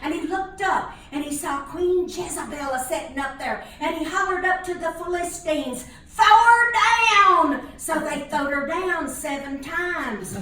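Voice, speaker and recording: A woman's voice: high voice, a little slow, hardly any pauses, a bit bright. An older woman telling a comic tale in a folksy, preacher-like cadence. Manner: dialect-tinged, preacher-like cadence. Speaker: storyteller. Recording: echoey room from a distance.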